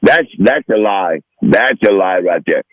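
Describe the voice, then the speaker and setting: A man's voice: sits low, expressive, measured pace, dry recording, dull audio. A man in his sixties, a regular comedic guest, ranting in a combative, profane, rambling way on a podcast call. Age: 60s. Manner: foul-mouthed, combative, rambling. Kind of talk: profane rant on a phone-in podcast.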